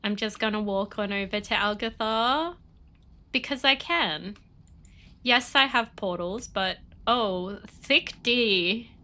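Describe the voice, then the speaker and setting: A young woman streams a game and chats with her viewers, speaking slowly in a bright, forceful, medium-pitched voice. Her nose is stuffy and sniffly, and her manner is bubbly and talkative as she addresses chat.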